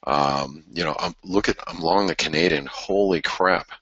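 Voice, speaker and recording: A man with an extremely deep voice and a bright, forceful edge runs a live market commentary show. He talks through charts off the cuff, breaking into excited exclamations. The sound is close and dry. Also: moderate pace, husky, no echo, highs cut off. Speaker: forex trading show host.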